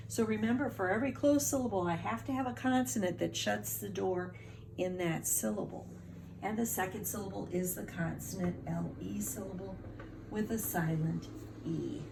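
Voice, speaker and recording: A woman's voice: mid-range voice, vocal fry, background noise. A woman teacher giving a phonics lesson to children, patiently sounding words out syllable by syllable.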